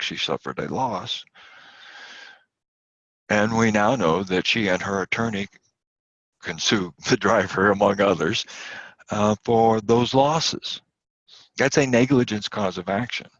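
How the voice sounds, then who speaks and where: A man with a very low voice delivers an online lecture, pushing his voice up to stress key points between frequent fillers. The sound is dry and slightly muffled, like a computer mic on a video call. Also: a bit bright, dry recording. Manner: emphatic, rising on key points, many fillers.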